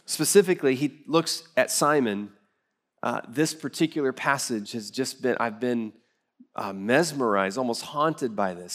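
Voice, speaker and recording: A middle-aged male pastor preaches a sermon, telling stories and acting out the voices of the people in them. His pitch is medium and his pace moderate.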